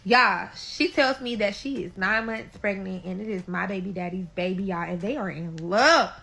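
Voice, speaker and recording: Bright-voiced St. woman telling a story. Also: medium pitch, normal speed, gravelly, few pauses, soft background music, poor audio. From St. Louis, USA. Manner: animated, keeps calling out to listeners, swears freely. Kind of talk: storytime vlog.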